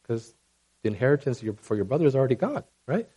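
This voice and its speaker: Man, sermon, conversational preacher, lively pitch, checks in with listeners. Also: quick pace, breathy edge. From Asian background. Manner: conversational, animated, checks in with "right?" and "okay?".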